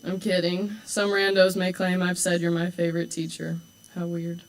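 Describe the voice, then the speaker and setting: A teenage girl in her late teens giving a prepared speech as a homecoming court candidate indoors at a school event, heartfelt and warm, with teasing, dry asides. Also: lowish voice, completely flat delivery, moderate pace, low-quality recording.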